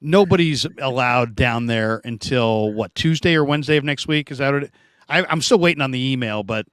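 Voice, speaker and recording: A man's voice: medium pitch, brisk, a bit bright, smooth, no echo. A man hosting a casual sports talk show, chatting and reading out viewer comments.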